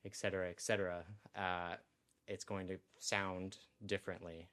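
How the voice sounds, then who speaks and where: A man's voice: low voice, little pitch movement, moderate pace, a bit bright. A young adult man hosting a podcast in casual conversation. He is reflective and explains things step by step, often checking in with "right?". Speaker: podcast host.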